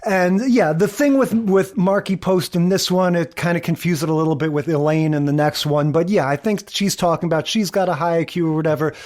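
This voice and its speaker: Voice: mid-range voice, a little fast, hardly any pauses. A podcast co-host in casual chat who recaps episodes with energy and acts out the characters' lines. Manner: animated, acts out quoted characters.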